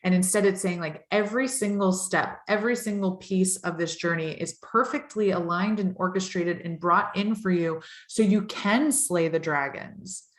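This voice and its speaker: A woman's voice: on the low side, normal speed, hardly any pauses. Woman tarot reader guest, flowing and earnest, roomy echo on the voice. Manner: flowing, earnest, builds long reflective sentences. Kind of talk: spiritual podcast conversation. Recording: echoey room sound.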